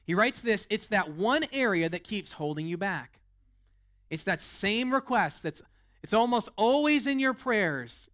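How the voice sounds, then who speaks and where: A man's voice: high voice, expressive, unhurried, a bit bright. Fired-up young man preaching. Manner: fired-up, rambling with many "like" and restarts. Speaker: lead pastor. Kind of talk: energetic sermon.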